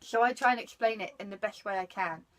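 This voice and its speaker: A woman's voice: mid-range voice, quick pace, low-quality recording. A woman, chatting animatedly about parenting and breaking off to greet passers-by. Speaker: parenting guest. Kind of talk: casual chat about parenting.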